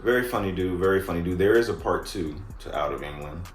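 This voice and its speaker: A man hosting a reaction video, talking in a relaxed, slangy way with short reactions. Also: deep voice, fast talker, echoey room, faint music behind, low-quality recording. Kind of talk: casual chat.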